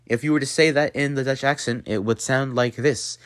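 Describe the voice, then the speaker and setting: A man's voice: medium pitch, a little fast, clean tone, no room sound. Playful male tutorial host, joking with viewers as a class, dry close sound. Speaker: channel host teaching a mock language lesson. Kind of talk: jokey tutorial narration.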